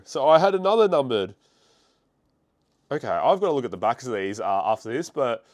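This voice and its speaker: A man's voice: medium pitch, dry recording, studio quality. A young man with a congested voice, casually chatting and reacting as he opens trading card packs on his channel. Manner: excitable, quick bursts of surprise over pulls. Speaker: card-breaking channel host. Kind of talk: casual card-opening vlog.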